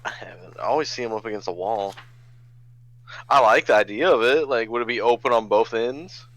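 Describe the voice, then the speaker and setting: A man's voice: medium pitch, fairly quick, a bit bright, rough recording. A man playing a tabletop game who chats casually and asks curious questions. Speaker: player.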